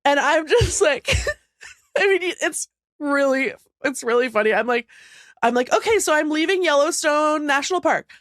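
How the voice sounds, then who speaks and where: High-voiced woman chatting casually. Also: animated, normal speed, fairly bright tone, no echo, studio quality. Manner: rambling, self-deprecating, laughs often. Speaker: podcast co-host. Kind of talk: casual chat.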